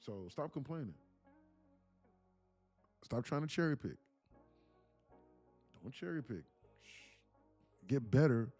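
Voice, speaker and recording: A man's voice: medium pitch, animated, slow pace, long pauses, darkish tone, breathy edge, faint music behind. A man hosting a livestream, rambling and joking casually in a loose rant. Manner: rambling, joking, laughs often. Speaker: day trading livestreamer.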